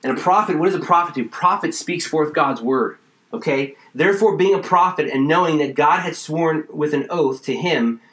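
A man's voice: on the high side, normal speed, a bit bright, echoey room. A man preaching a sermon, reading scripture aloud and explaining it with growing fervor. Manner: expository preaching, reads scripture then explains, builds to fervor. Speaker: pastor.

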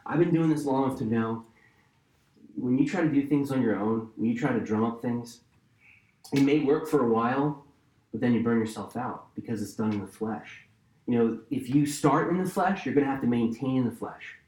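A man's voice: mid-range voice, moderate pace, darkish tone. A man pastor preaching a sermon with emphatic, conversational delivery, repeating key phrases for weight. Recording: roomy echo.

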